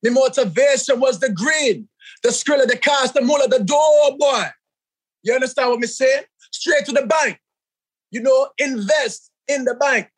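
A man doing an exaggerated Jamaican accent as a money-hungry, boastful showman who shouts and drags out his words. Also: very high-pitched, normal speed, husky, pitched above the performer's own voice. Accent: Jamaican, put on.

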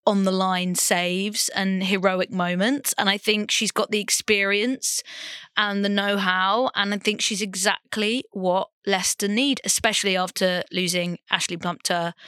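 A woman's voice: medium pitch, fairly bright tone, clear, resonant tone, no echo, studio quality. A woman hosting a podcast, chatting casually and playfully about women's football. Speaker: podcast host.

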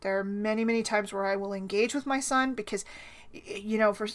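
A woman's voice: medium pitch, a little fast. A woman hosting a casual solo podcast, talking in a chatty, rambling way with frequent restarts and tag questions, foggy from a sinus headache. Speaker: podcast host.

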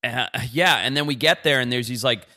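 A man in his thirties co-hosting a podcast, telling a story in a profane, animated, casual way. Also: mid-range voice, fairly quick. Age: 30s. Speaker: podcast co-host. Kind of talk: casual chat.

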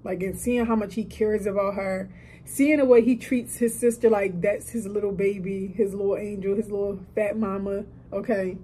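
A woman's voice: medium pitch, steady tone, moderate pace, mellow, a little hiss or hum, low-quality recording. A woman of 30 hosting a solo podcast from a hotel room, talking in a heartfelt, emphatic, motivational way. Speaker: podcast host. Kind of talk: casual solo podcast talk.

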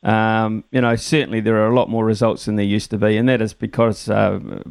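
Smooth, dry-voiced New radio host. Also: male voice, fairly low pitch, fairly quick, no room sound. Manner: relaxed, chatty, thanks callers by name. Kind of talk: sports talkback radio. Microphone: studio microphone.

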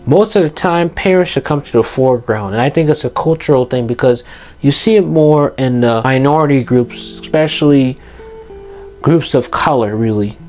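A man's voice: mid-range voice, moderate pace, a little mellow, faint music behind. A teenage boy giving passionate, emphatic advice to his viewers in an earnest motivational monologue, repeating his key points. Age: teens. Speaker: youth vlogger giving advice.

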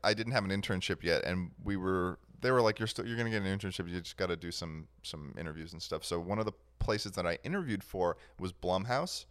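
Young guy with a deep smooth voice, rambly, lots of ums and restarts. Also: animated, fast, hardly any pauses, fairly bright tone. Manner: rambling, many restarts and fillers. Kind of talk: casual chat.

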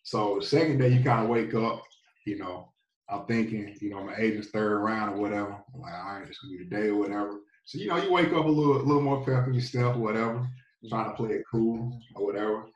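A man's voice: fairly low pitch, brisk. Laid-back man, roomy distant sound. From North Carolina. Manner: laid-back, rambling, lots of fillers. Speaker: interview guest, pro football player. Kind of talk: casual storytelling.

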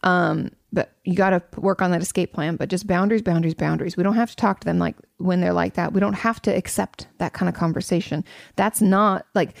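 A woman's voice: fairly low pitch, steady tone, a little fast, vocal fry, no room sound, studio quality. A woman hosting an advice show as a therapist, answering audience questions in a casual, blunt and candid way, swearing freely.

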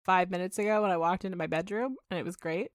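Young woman, lower voice, podcast co-host, rambly and giggly, close dry mic. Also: fast, no room sound. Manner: chatty, laughing, rambling with many "like"s. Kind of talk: casual chat.

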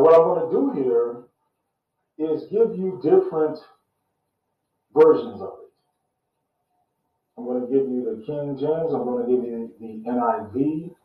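A man hosting his own show and teaching on Bible verses in a casual way, slow and deliberate, repeating phrases for emphasis. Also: mid-range voice, far from the mic. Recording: very echoey muffled room.

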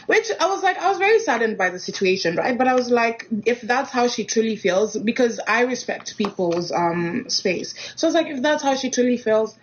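A young woman from Kenya tells a personal story in a casual way. She is animated and acts out the dialogue. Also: medium pitch, a little hiss or hum. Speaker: guest telling a personal story. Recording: dull lo-fi recording.

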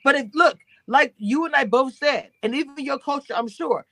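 Animated woman from Louisiana, dry sound. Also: sits high, normal speed, dry recording. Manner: animated, emphatic, talks over others. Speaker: co-host. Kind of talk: casual live-stream recap chat.

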